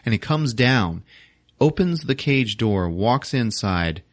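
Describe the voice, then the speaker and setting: A man's voice: medium pitch, expressive, measured pace, no echo, studio quality. A male podcast host casually recapping a movie, swearing, laughing and acting out the scenes. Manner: crude, laughing, acts out scenes.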